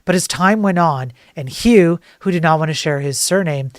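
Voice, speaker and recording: A man's voice: on the high side, moderate pace, dry recording, clean studio sound. A man hosting a streamed commentary show, talking in a sarcastic, joking way. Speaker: host.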